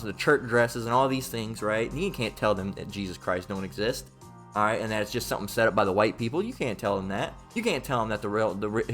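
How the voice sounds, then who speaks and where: A man with a Southern US accent delivers a rough, informal sermon at a medium pitch. He reads verses aloud, then slides into heated, profane tangents and repeats himself for emphasis. Soft music plays faintly underneath. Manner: reads scripture then rants. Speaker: preacher. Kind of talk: informal Bible teaching sermon.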